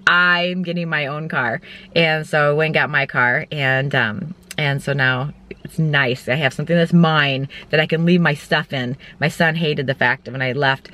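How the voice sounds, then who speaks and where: Woman vlogger with a bright, forceful voice. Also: low voice, steady tone, moderate pace. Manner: candid, rambling storytelling. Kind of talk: casual chat. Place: inside a car.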